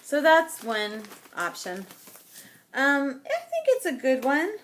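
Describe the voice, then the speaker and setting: A woman's voice: high voice, wildly swooping pitch, slow, fairly bright tone, slight background noise. A woman vlogger, maybe in her thirties, chatting casually to the camera in a rambling way and laughing often. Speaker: scrapbooking vlogger.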